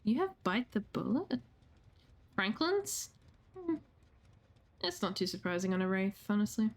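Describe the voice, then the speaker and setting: A woman's voice: medium pitch, very animated, measured pace. A woman streaming a video game, chatting casually with her viewers, reading out their messages and answering them, with casual swearing. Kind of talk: casual gaming livestream chat.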